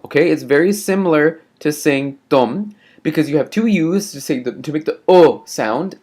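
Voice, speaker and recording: A man teaching a classroom lesson, patient and careful, repeating words slowly and checking in often with short questions. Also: fairly high pitch, a little mellow.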